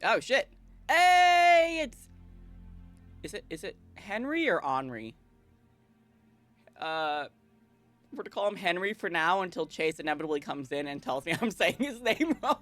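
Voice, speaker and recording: A woman's voice: on the low side, sing-song, normal speed, a bit bright, faint music behind. A woman streamer chatting casually as she reads through a visual novel. She is chatty, laughs often, and scolds her cat between lines. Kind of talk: casual livestream chat while reading a visual novel.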